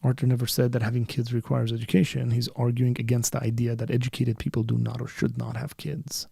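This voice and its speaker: Gravelly male live-show host, dry sound. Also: medium pitch, completely flat delivery, dark tone, no room sound. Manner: argumentative, quick restarts and repeated words. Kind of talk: live call-in show, reading and answering chat.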